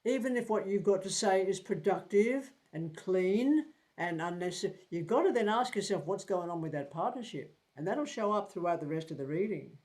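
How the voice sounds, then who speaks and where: A man's voice: sits high, animated, normal speed, hardly any pauses, a little mellow. A man in his seventies teaching a tarot group in a casual, blunt way, swearing freely and repeating words while he thinks. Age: 70s.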